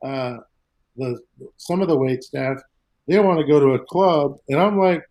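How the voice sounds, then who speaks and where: A man's voice: fairly high pitch, normal speed, a little mellow, poor audio. A middle-aged man, a guest comedian in a casual chat, telling rambling road stories, swearing freely and acting out quotes.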